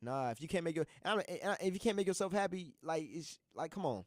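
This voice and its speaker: High-voiced young man, earnest slangy talk. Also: animated, fast talker, no echo, clean studio sound. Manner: earnest, slangy, repeats himself often. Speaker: college radio host. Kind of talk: casual motivational talk. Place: radio studio.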